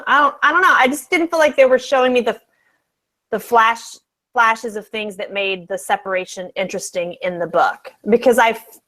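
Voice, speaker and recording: A woman co-hosting a casual live chat over a video call, teasing, quick and candid. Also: mid-range voice, a bit bright. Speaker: co-host.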